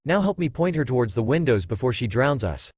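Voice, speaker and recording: A man voicing a bossy, exasperated mother who yells orders. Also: mid-range voice, very animated, fairly quick, husky, no echo, studio quality. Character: fiery mother yelling at her friend.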